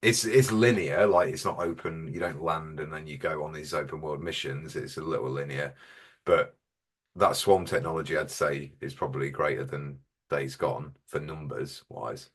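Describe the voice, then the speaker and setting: A man, co-hosting a gaming podcast in a dry, deadpan, casual way. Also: a bass voice, moderate pace, husky. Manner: dry, deadpan, mock-superior. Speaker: podcast co-host. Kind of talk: casual gaming chat with comic bits.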